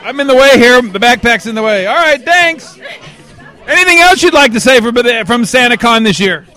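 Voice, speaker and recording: A man hosting a podcast, playfully teasing people in quick party interviews. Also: very high-pitched, animated, sharp tone, a faint crowd. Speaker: podcast host.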